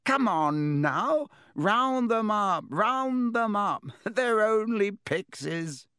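A man voicing a flamboyant, vain male wizard teacher who bluffs his way through, in a grand, theatrical, drawn-out manner. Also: sits high, animated, pushed and bright, dry recording, clean studio sound, voice pushed up, full character voice. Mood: showy.

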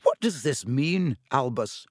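A man voicing a stern, older female professor in an audiobook, in a crisp, urgent, clipped way. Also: high voice, sing-song, normal speed, dry recording, studio quality, pitched above the performer's own voice, exaggerated voice. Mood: pressing. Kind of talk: audiobook character voice.

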